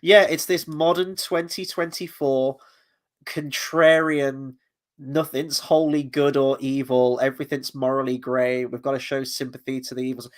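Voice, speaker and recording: A man's voice: medium pitch, level tone, normal speed. A man hosting a casual review chat, talking bluntly and reading out viewer comments. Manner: blunt, swears, reads viewer comments aloud. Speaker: host.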